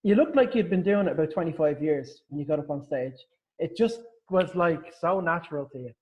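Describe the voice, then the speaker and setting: A man hosting a podcast, chatting casually and agreeing warmly with his guest. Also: fairly high pitch, lively intonation. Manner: chatty, quick to agree and laugh along. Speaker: podcast host. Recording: dull lo-fi sound.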